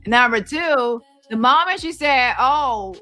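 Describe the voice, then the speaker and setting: Blunt scolding woman with bright voice. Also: sits high, lively intonation, a little slow, faint music behind. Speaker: commentary YouTuber. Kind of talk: casual commentary.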